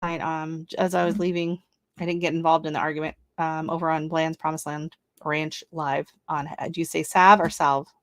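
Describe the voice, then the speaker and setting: A woman who isn't from Canada runs a casual gardening livestream, chatting with viewers as she reads seed listings aloud and reacts to them. She speaks in a low, level tone at a moderate pace, and the studio sound is clean with no room sound.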